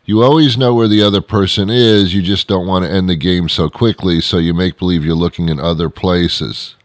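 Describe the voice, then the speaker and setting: Middle-aged male storyteller, very low voice, unhurried delivery, digressive and wry. Dry room sound. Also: no echo. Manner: digressive, sarcastic asides, frequent "uh" fillers. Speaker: comedic storyteller. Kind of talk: rambling comic monologue.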